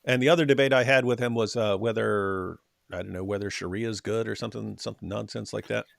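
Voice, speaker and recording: A man hosting a casual livestream chat, sarcastic and mocking, often trailing off quietly at the ends of lines. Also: fairly low pitch, steady tone, fast talker, creaky, no room sound, clean studio sound. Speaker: host.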